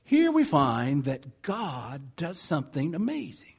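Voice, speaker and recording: A man's voice: a little high, slow pace, gravelly, husky. A man with a Southern American accent preaching a conversational sermon, reading scripture and correcting himself as he goes. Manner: animated, conversational, self-correcting. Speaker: pastor.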